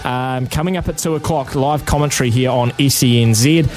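A man's voice: mid-range voice, brisk, darkish tone, faint music behind. Chatty New radio host, man. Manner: chatty, many ums and uhs. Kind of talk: casual sports radio chat. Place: radio studio.

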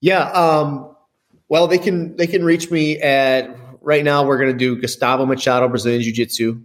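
A man's voice: medium pitch, fairly even intonation, normal speed. A man speaking as a guest in a casual chat, hesitant, with fillers and repeated words.

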